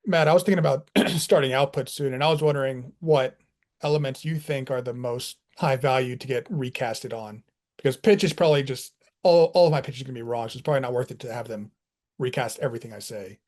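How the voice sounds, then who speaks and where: A man's voice: mid-range voice, fast talker, darkish tone. A man asking a question, hesitant and thinking aloud as he goes. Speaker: workshop participant asking a question. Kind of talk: casual question.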